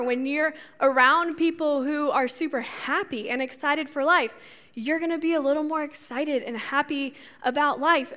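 Bright high-voiced woman preaching. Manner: animated, talks straight to the audience, laughs at her own slips. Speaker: youth speaker. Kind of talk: conversational sermon.

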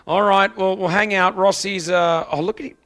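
A man hosting a live morning radio show, teasing his co-host and running a quiz at a brisk pace. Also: high voice, steady tone, crowd noise. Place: hotel venue for a live broadcast.

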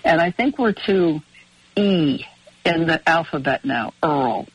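A woman's voice: low-pitched, lively intonation, takes it slowly, breathy edge, no room sound. A woman co-hosting a radio show, chatting casually and rambling through long anecdotes. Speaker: radio co-host. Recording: dull, dry radio broadcast audio.

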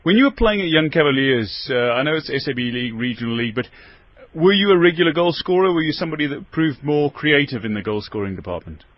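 Radio sports host in a dry studio. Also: male voice, a little high, lively intonation, quick pace, no echo, lo-fi sound. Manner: long questions with small repeats. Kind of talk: radio sports interview and news.

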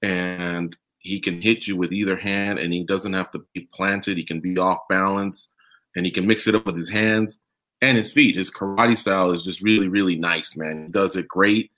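Lower-voiced man, animated sports host. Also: normal speed. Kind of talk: casual sports talk.

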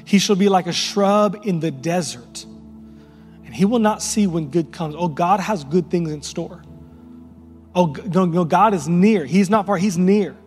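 Man, pastor, impassioned sermon, high voice, unhurried delivery, reverberant hall, faint music behind. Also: a little mellow. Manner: impassioned preaching, repeats words, builds to crescendos.

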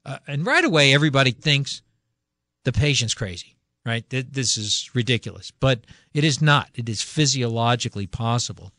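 A middle-aged man hosts a radio health show in a casual, conversational way, full of small fillers and restarts. His voice sits at an ordinary pitch and is recorded close and dry in a studio, with no room sound. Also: expressive, normal speed, pushed and bright, dry recording. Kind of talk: casual talk radio monologue. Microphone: studio radio mic.

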